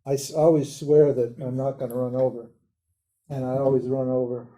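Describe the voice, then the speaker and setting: Animated older man teaching, bright. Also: mid-range voice, moderate pace. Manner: casual, animated, laughs often, mimics voices. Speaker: Vedanta teacher. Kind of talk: live lecture.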